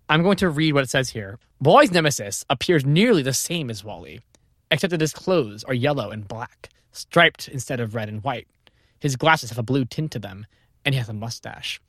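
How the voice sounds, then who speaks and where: A man co-hosting an improvised comedy podcast, reading and answering in a deadpan, matter-of-fact way. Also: medium pitch, no echo, studio quality. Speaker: podcast co-host.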